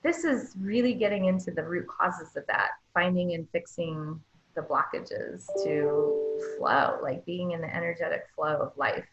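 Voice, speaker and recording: A woman speaking as a doctor and author in a podcast interview, animated, acting out little quoted voices, often saying "like" and "right?". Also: on the low side, measured pace, lo-fi sound, slight background noise.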